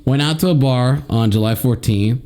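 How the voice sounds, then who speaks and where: A man's voice: moderate pace, a little mellow. A young man co-hosting a casual podcast, reading a news story in a joking way. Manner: jokey, reads quotes in exaggerated high put-on voices. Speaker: podcast co-host.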